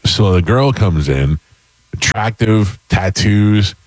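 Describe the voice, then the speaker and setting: A man's voice: lowish voice, lively intonation, slow pace, no echo, low-quality recording. A man hosting a casual chat, telling a long story full of fillers and restarts. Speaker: podcast host.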